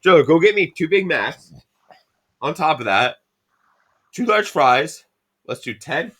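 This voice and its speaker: A man with a slightly rough voice on the high side speaks slowly as a podcast host from Canada. He rambles through an animated retelling, swearing constantly, in casual, profane storytelling.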